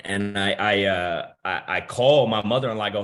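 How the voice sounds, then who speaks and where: A man's voice: lowish voice, moderate pace. A man in his thirties, a motivational speaker, telling his life story to an audience and acting out the dialogue. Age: 30s. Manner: animated storytelling, acts out quoted dialogue. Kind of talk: personal story talk to an audience.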